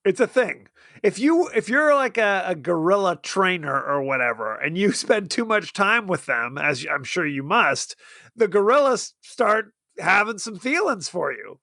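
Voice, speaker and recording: A man's voice: high voice, very animated, a little slow, gravelly, sharp tone, no echo, clean studio sound. A man co-hosting a podcast in casual chat, recapping with frequent laughs. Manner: chatty, laughs often while recapping. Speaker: podcast co-host.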